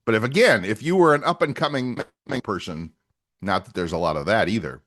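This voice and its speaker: Male podcast co-host, low-pitched, with a lively, varied delivery that is chatty and agreeable. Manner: chatty and agreeable, quick to back up his co-host. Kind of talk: casual chat.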